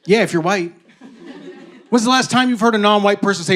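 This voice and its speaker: A man in his thirties from Canada performing a stand-up comedy set on stage into a handheld mic, telling stories in an animated way. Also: sits high, very fast. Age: 30s. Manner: animated storytelling, jumps into loud acted-out voices.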